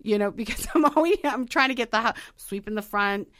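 A woman's voice: a little high, fairly quick, fairly bright tone, no echo, clean studio sound. A woman chatting casually on a talk show, going through points from a list and adding her own stories.

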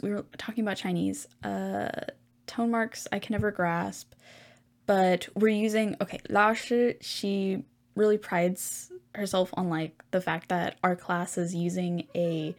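Chatty teen girl rambling on her podcast. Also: mid-range voice. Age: teens. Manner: rambling, filler-heavy, chatty. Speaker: podcast host. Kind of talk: casual podcast monologue.

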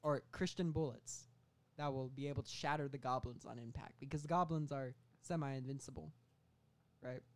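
A man of medium pitch pitches a story on a comedy podcast, rambling and casual. He trails off, restarts and fills gaps with "like" and "um" as he goes. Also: fairly even intonation, moderate pace. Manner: rambling storytelling with many fillers. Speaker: podcast co-host pitching a movie.

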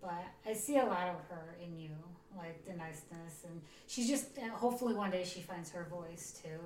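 A woman's voice: on the low side, normal speed, a little mellow, a little hiss or hum. A woman chatting casually with lots of fillers. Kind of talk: casual chat. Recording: echoey room, mic far off.

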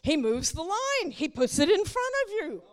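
A woman's voice: extremely high pitch, big pitch swings, normal speed. A woman preaching a sermon in a church, teasing the congregation and acting out quoted voices in a playful manner. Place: church sanctuary. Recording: long hall reverb.

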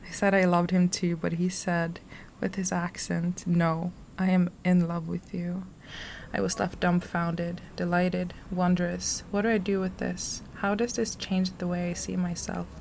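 Lowish gravelly woman reading her diary out loud, flat and soft, bit of hiss behind. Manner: soft and slow, drops into whispers. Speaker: vlogger reading her journal. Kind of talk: intimate journal reading, poetry-like.

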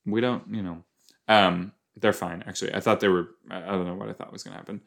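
Low, gravelly and a bit bright, this man's voice stays steady even as he talks fast. He hosts a podcast, reacting casually to an episode while he watches it, rambling in a playful way and using goofy made-up words.

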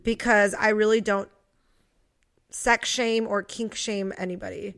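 A woman's voice: medium pitch, fairly even intonation, measured pace, fairly bright tone, clean tone. A woman co-hosting a podcast in casual chat, candid and chatty, now and then reading a listener's message aloud. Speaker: podcast co-host.

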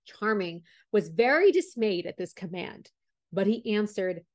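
Calm woman reading a fairy tale. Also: mid-range voice, measured pace. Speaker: storyteller. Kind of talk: storybook read-aloud narration.

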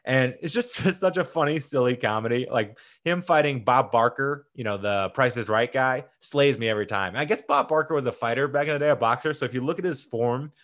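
A young man giving casual, excitable commentary as a host, swinging between loud bursts and soft asides. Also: mid-range voice, a little fast, few pauses. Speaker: host ranking sports movies.

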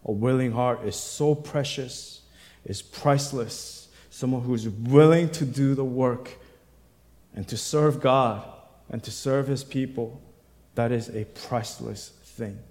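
A male pastor preaching a sermon, reading scripture aloud and building to loud, emphatic bursts before dropping back to a quiet voice. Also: medium pitch, slow. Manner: reads scripture aloud, acting out the quoted voices. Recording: long hall reverb.

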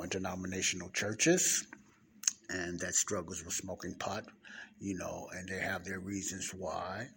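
A man giving a rambling, informal Bible teaching, talking low and close to the mic in a library study room. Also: fairly bright tone. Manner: rambling, repeats words, talks low. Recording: faint traffic and room noise.

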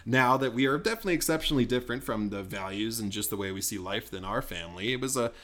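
A man's voice: fairly low pitch, quick pace. A young man co-hosting a casual podcast, telling a story with frequent laughs and acted-out quotes. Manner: animated storyteller, laughs often, acts out quoted dialogue. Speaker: podcast co-host.

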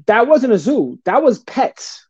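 A man guesting on a talk show, telling stories in an animated, casual way, full of slang and swearing. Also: very high-pitched, measured pace, husky, no echo. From New Jersey. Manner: animated, swearing, street slang, says bro a lot. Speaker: podcast guest. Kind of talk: casual storytelling. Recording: dull lo-fi dry sound.

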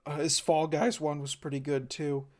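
A man's voice: fairly high pitch, little pitch movement, moderate pace, a little mellow. A man with a slightly raised voice talks casually on a podcast. He is eager and enthusiastic and often stumbles and repeats a word before he carries on. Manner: enthusiastic, repeats words as he restarts. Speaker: podcast co-host. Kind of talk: casual chat.

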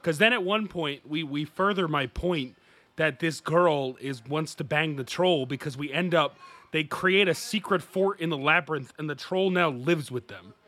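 A man co-hosting a casual podcast, jokey and quick to laugh. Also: fairly high pitch. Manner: laughs often, animated and jokey. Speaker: podcast co-host. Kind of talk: casual chat.

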